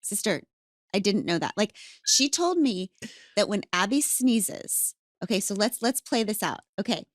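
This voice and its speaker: Animated, playful woman podcast host. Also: medium pitch, a little slow, no echo, studio quality. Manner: animated and playful, acting out stories. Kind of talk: casual chat.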